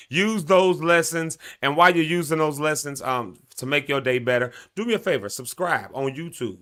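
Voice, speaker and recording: A man's voice: on the high side, normal speed, hardly any pauses, pushed and bright. Chatty Southern man hosting a morning stream. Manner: chatty, laughs often, talks to viewers as y'all. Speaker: morning live-stream host. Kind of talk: casual live-stream chat with breathing tips.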